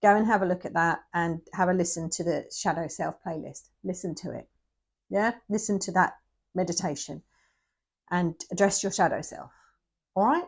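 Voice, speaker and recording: A woman gives a tarot reading to the camera, speaking straight to the viewer while close to tears and often dropping to a whisper. Her voice is fairly low and slightly rough, at a moderate pace, and her manner is emotional.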